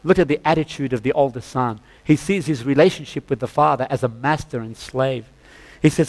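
A man's voice: medium pitch, brisk, darkish tone. A man preaching a sermon, retelling a parable and often addressing his listeners as "friends", building to fervent peaks. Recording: long hall reverb.

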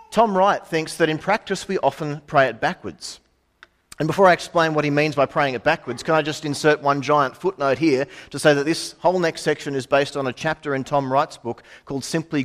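A middle-aged man delivers a sermon. He sounds conversational, throwing in asides and rhetorical questions. His voice sits slightly high and swings widely in pitch. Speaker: preacher.

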